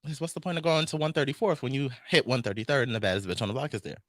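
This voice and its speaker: A man from Queens co-hosting a casual podcast, talking in an animated, profane way and reading news stories aloud. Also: mid-range voice, racing, dry recording, clean studio sound. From Queens, New York. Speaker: podcast co-host. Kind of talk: casual chat.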